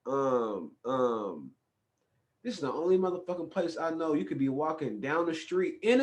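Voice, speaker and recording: A man from California, hosting a podcast in a casual, profane, animated storytelling style. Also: a little high, normal speed. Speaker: podcast host. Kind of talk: casual chat.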